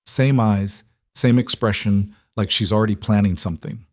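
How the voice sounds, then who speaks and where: Man reading as a remorseful middle-aged mother; hesitant, low. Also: steady tone, normal speed, darkish tone, dry recording, studio quality, lightly acted.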